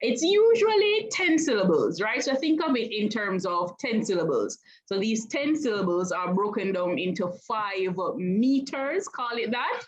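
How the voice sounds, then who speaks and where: A woman's voice: medium pitch, big pitch swings, unhurried, few pauses, poor audio. A woman guest in a casual poetry discussion, explaining thoughtfully with occasional ums.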